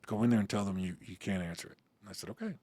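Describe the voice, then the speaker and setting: A man's voice: lowish voice, very fast, a little mellow, no room sound. A middle-aged man telling a story in an interview, acting out the dialogue and cussing casually. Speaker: interview guest.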